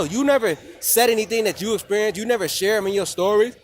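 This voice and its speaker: A young man with a high voice vents in a heated, profane rant for his vlog, circling back over the same complaints. He talks outdoors, with a faint hiss of noise behind him. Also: fast talker, few pauses. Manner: heated, profane, repetitive ranting. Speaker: vlogger and coach. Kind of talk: angry ranting vlog.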